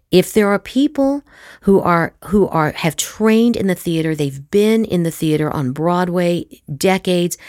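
A middle-aged woman giving an acting master class, emphatic and lively, slipping into demonstration voices. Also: fairly low pitch, no echo, studio quality. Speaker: acting teacher.

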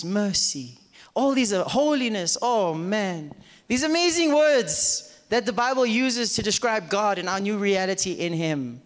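A man's voice: sits high, fairly bright tone. A male pastor preaching a sermon to a live congregation, firing rhetorical questions at them and acting out their doubts in quoted voices. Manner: acts out listeners in quoted voices. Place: church auditorium with live congregation. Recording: reverberant church hall.

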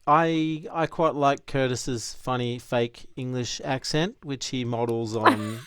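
A man's voice: medium pitch, slow pace, fairly bright tone, clear, resonant tone, no echo, clean studio sound. A man co-hosting a film podcast, talking casually with hesitant, stuttering starts. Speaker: podcast co-host. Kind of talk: casual film review chat.

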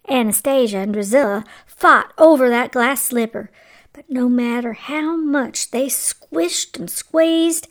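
Slow, gentle woman telling a bedtime story. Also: a little high. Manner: gentle, slow, sometimes drops to a whisper. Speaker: storyteller and radio host.

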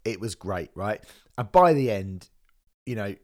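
A man hosting a casual music podcast, animated and sweary. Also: fairly low pitch. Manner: animated, swearing, fast asides. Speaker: podcast host.

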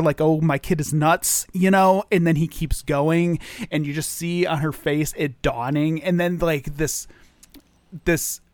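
A man's voice: on the high side, no room sound. Restless, rambling man on a podcast. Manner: rambling, emphatic, many restarts and "like". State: sleep deprived. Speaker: podcast co-host. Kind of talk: casual film discussion.

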